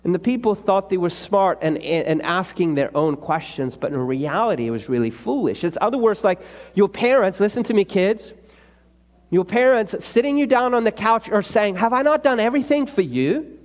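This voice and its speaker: A man with a high voice preaches a sermon in a hall with a long, ringing reverb. He talks animatedly and drops his pitch low to act out the people's replies. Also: animated, normal speed. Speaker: pastor.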